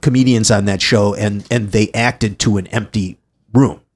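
A man's voice: lowish voice, fairly even intonation, moderate pace. A man co-hosting a podcast in casual chat, rambling with frequent fillers. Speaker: podcast co-host.

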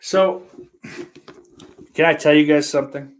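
A man hosting a casual livestream podcast, reading viewer comments aloud and cursing a lot, sarcastic, his voice swinging between loud and quiet. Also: fairly high pitch, steady tone, a little slow. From Irish heritage. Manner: profane, sarcastic, with big swings in loudness.

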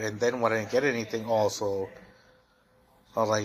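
A man's voice: medium pitch, normal speed, fairly bright tone. A young man hosting a solo podcast, venting in a heated, profane, rambling way full of fillers. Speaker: podcast host.

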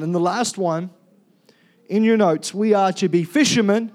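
A man's voice: high voice, measured pace, a little mellow. A man preaching a sermon in a casual, jokey way and calling out for amens. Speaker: pastor.

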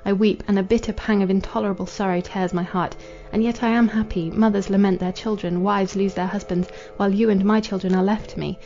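A woman voicing a tender, resigned noble wife in a storybook reading, speaking softly in formal, old-fashioned words. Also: medium pitch, fairly even intonation, a little fast, hardly any pauses, close to an everyday voice. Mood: sorrowful. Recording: dull lo-fi with faint music.

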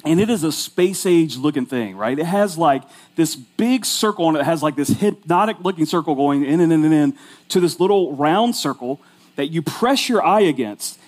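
A man's voice: on the high side, lively intonation, normal speed. A man in his forties, a pastor telling a funny personal story in his sermon in a chatty, self-mocking way, full of "like". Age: 40s.

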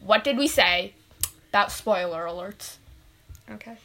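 Bright, animated woman, slow and playful, making up a pretend story. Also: medium pitch. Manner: playful, dismissive "whatever" asides. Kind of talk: casual pretend play narration.

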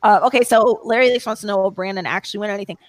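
A woman chatting as a podcast guest, talking in rambling bursts with many restarts and quick laughs. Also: medium pitch, steady tone, no room sound. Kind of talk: casual podcast chat.

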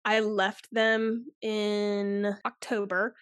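A young woman in her twenties talks as a podcast guest in a loose, candid, rambling way, circling back and restarting her sentences. Her voice sits at a middle pitch. The sound is dry and close, with no room echo. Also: level tone, drawn-out words, fairly bright tone, clear, resonant tone. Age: 20s. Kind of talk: casual interview chat.

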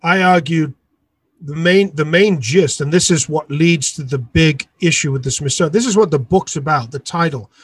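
Man, husky, slightly high voice, dry close sound, indignant, emphatic storytelling. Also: moderate pace, no echo. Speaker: artist and author. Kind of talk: storytelling in an interview.

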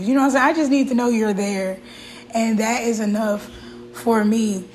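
A woman's voice: a little high, steady tone, normal speed, a little mellow, soft background music, low-quality recording. A woman hosting her own show, talking openly and with feeling about her life, with frequent fillers and restarts. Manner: candid and emotional, with fillers and restarts. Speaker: podcast host. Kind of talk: casual personal talk.

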